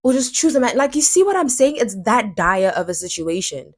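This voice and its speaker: A woman's voice: on the high side, sing-song, a little fast. A young woman hosting a solo podcast, ranting heatedly, swearing and repeating phrases for emphasis. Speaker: podcast host.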